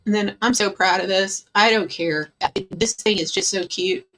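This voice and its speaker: A woman's voice: medium pitch, fairly even intonation, moderate pace, fairly bright tone, soft background music. A woman hosting a casual livestream from her bedroom, chatting with viewers. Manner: chatty, coos baby talk to her cat. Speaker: livestream host.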